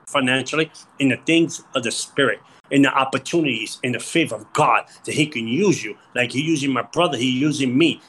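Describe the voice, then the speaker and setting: A man's voice: a little high, a bit bright, low-quality recording. A male guest minister telling testimony in an impassioned way, repeating phrases and using loose grammar. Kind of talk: testimony-style conversation.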